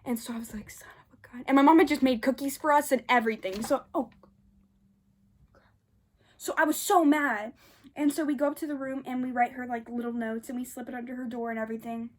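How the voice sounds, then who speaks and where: A young woman casually telling a personal story, animated and acting out the lines of others with big jumps in voice. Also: sits high, fairly quick.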